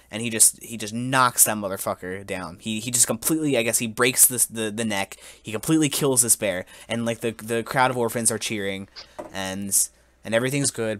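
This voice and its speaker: A young man in his twenties hosting a casual podcast, telling a mock-solemn story in a halting way, full of restarts and giggles. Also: on the low side, fairly bright tone, no room sound. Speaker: podcast host.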